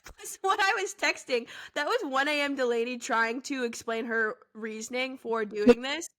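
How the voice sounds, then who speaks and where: A woman's voice: sits high, moderate pace, fairly bright tone. A young woman in her twenties co-hosting a casual podcast, giggly and rambling, with lots of "like" in her speech. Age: 20s. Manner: giggly, rambling, heavy use of "like". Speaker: podcast co-host. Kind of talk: casual chat.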